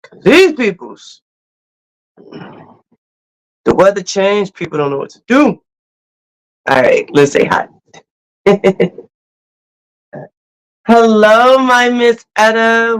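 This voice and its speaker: A host chatting casually on a livestream, greeting viewers and telling stories in an animated, laughing way. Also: mid-range voice, rough recording. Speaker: cruise channel host.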